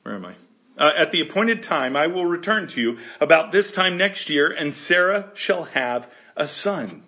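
A Bible teacher with a sharp, rather high voice and lively intonation leads a verse-by-verse study at a moderate pace. He reads each passage aloud, discusses it casually, laughs easily, and acts out the characters' lines.

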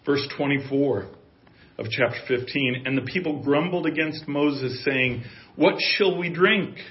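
A man's voice: on the high side, measured pace. A male pastor preaching a sermon, emphatic and given to repeating key phrases for weight. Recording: echoey, dull lo-fi room sound.

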